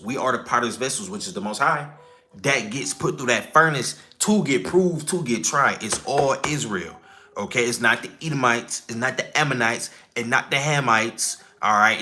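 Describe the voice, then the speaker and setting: A man's voice: mid-range voice, bright, forceful tone. A man teaching scripture informally, emphatic and preachy, asking rhetorical questions, swearing casually and checking in with "okay?" and "all right?". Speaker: religious teacher.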